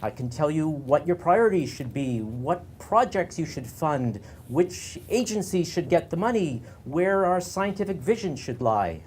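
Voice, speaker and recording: A man's voice: a little high, sing-song, measured pace, hardly any pauses, a little mellow, a little hiss or hum, voice pushed up. A man voicing a talking male frog who was once a scientist, eager and pleading in a joke told on stage.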